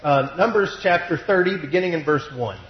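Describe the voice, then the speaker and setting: A man preaching a sermon through a cough, slowing down to stress his points, at a pulpit mic in a church. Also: fairly high pitch, lively intonation. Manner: measured, deliberate delivery with slowed emphasis. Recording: roomy, dull lo-fi sound.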